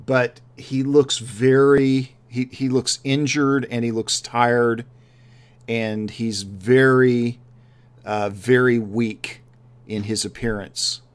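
A man narrating a tabletop game as game master, pausing often and restarting his sentences as he describes scenes. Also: mid-range voice, steady tone, clear, resonant tone. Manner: hesitant, many fillers and restarts while describing scenes.

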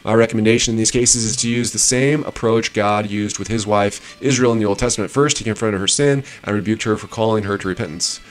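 A man's voice: lowish voice, steady tone. A man reading passages aloud and adding his own rambling, casual commentary with frequent restarts. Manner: shifts between measured reading and rambling asides with restarts. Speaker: host reviewing marriage advice.

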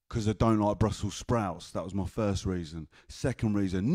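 A man's voice: on the low side, normal speed, a little mellow, no room sound, studio quality. A man with an English accent performing spoken word poetry with a rhythmic, chanted delivery and telling stories between poems. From England. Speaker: performance poet. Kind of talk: spoken word poetry and storytelling at an open mic.

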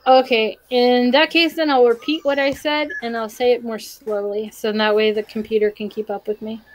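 A woman's voice: a little high, steady tone, normal speed, low-quality recording. A woman playing a tabletop game, thinking aloud and hesitant as she describes her moves. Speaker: player.

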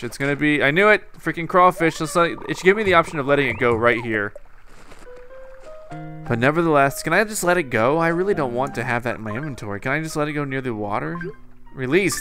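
A young man rambling through casual game commentary, cracking jokes and talking to himself as he plays. His voice is bright and forward, set at an ordinary male pitch, with soft music running under it. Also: expressive, a little fast. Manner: joking, rambling, self-talking. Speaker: gameplay commentator.

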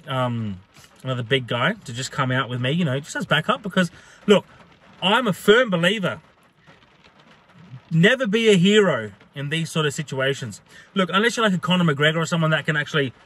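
A man and hospitality worker telling a profane, animated story in a casual vlog. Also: fairly high pitch, breathy edge.

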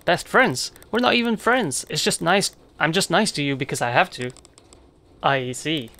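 A young heroine lashing out with quick, cutting insults, in a let's player's own voice. The tone is bright and pointed. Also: medium pitch, very animated. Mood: snapping. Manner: snappy, insulting. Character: young glass girl heroine, sharp-tongued.

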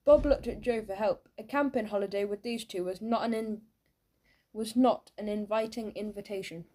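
A woman narrating a children's audiobook in a lively storytelling manner, giving each character a voice. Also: mid-range voice, normal speed.

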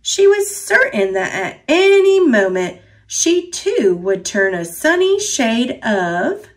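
A woman reading a children's picture book aloud in a gentle, expressive narrating voice. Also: a little high, slow pace. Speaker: storybook reader.

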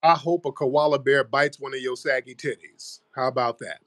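A man's voice: medium pitch, fairly even intonation, moderate pace, no echo, clean studio sound. A man hosting a live stream, mocking and taunting a caller in a heated argument and repeatedly calling her "ma'am". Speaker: livestream host.

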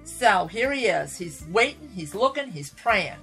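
A woman radio Bible teacher retelling a Bible story in a dramatic, animated way, speaking to listeners as folks. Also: mid-range voice, unhurried, hardly any pauses, faint music behind. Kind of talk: sermon storytelling.

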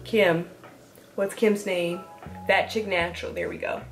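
A natural hair vlogger reviews a hair product at home, rambling casually with chatty asides, recorded on a camera mic. Her voice is on the low side and steady, a little slow, with faint music in the background.

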